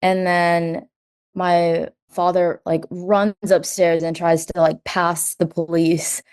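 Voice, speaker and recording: Low-voiced young woman full of "like". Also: slow, clear, resonant tone. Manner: says "like" constantly, quotes herself and others in lively bursts. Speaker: guest. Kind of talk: personal story in an interview.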